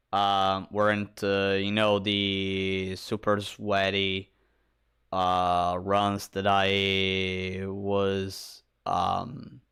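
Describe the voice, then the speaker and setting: Tired, halting man streamer. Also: on the low side, fairly bright tone, smooth. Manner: halting, friendly, repeats himself. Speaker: game streamer. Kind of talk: casual stream sign-off.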